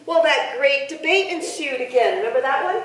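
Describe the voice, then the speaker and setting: A woman telling a folk tale to a live audience, playful and lively, bantering with listeners. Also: high-pitched, fairly quick, crowd noise. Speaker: storyteller. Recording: echoey hall from far off.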